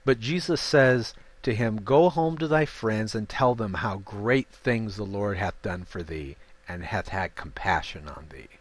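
A man leading a Bible study, reading King James verses aloud and breaking in with informal, chatty asides. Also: lowish voice. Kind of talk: scripture reading with casual commentary.

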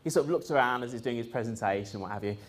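This mid-range voice comes rapid-fire as a man tells stories of what happened to him. His telling is loose and wandering, with frequent restarts and fillers, and he animatedly imitates the people he quotes.

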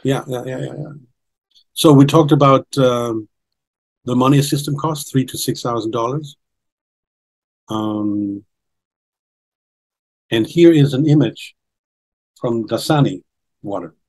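Husky older man explaining insistently. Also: medium pitch, unhurried, long pauses, darkish tone, poor audio. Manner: earnest, insistent, repeats key points. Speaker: documentary guest presenting research. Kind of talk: explanatory interview talk.

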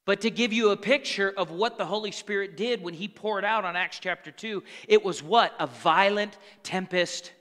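A pastor rattles through his sermon fairly quickly, barely pausing, in a voice that is high, bright, and ringing. His tone with the congregation is conversational, punctuated by call-and-response asides, all wrapped in the sanctuary's long hall reverb.

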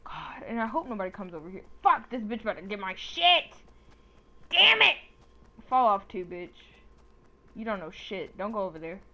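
A woman's voice: medium pitch, expressive, a little fast, a bit bright, a little hiss or hum. A young woman giving casual, profane commentary while streaming a game, often exasperated and talking to her chat. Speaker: gamer streamer.

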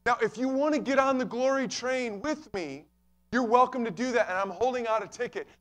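A man's voice: extremely high pitch, brisk, a bit bright. A man pastor preaching a sermon, emphatic and repeating key phrases, addressing listeners as friends.

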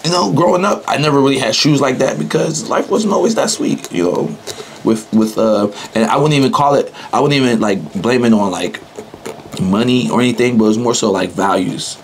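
Laughter keeps interrupting this young adult's loose, slang-filled answers as he chats casually in an interview. He speaks briskly in a mid-range voice, captured in a low-quality recording with slight background noise.

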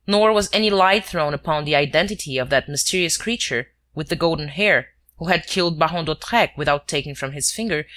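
A bright, clear reading voice narrating a classic detective novel. The delivery is measured and steady, every sentence laid out evenly for the listener. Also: mid-range voice. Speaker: audiobook narrator.

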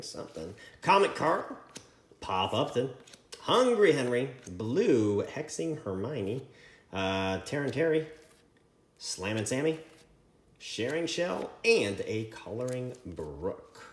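A man hosting a trading card break, reading out card names in a running list with quick asides. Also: mid-range voice. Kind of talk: casual card-opening commentary. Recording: echoey room with faint noise.

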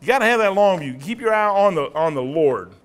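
A pastor in his sixties from the United States, with a Midwestern accent, preaches in a folksy, rambling storytelling way full of asides. His high voice is clear and resonant, with lively intonation and a slightly fast pace.

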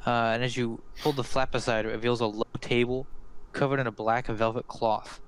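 A man's voice: medium pitch, flat delivery, brisk, smooth. A man running a tabletop game as dungeon master, describing scenes with a few fillers.

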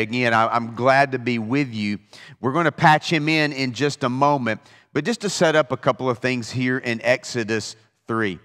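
A man's voice: mid-range voice, fairly bright tone, big-room sound. A man as pastor, giving a conversational Bible study talk with frequent restarts. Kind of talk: informal Bible study teaching.

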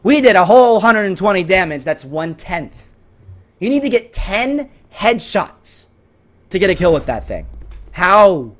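A man with a hoarse voice giving exasperated, sarcastic, excitable commentary over his own gameplay. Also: high-pitched, a little slow. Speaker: gaming channel host.

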